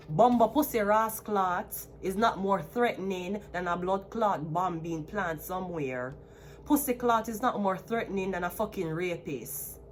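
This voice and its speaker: A Jamaican woman in her thirties talks straight to camera, defiant and swearing freely. She slides between thick patois and plainer English. Her voice sits at an ordinary middle pitch for a woman. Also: measured pace, a little hiss or hum. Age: 30s. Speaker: tarot reader. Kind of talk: ranting to camera.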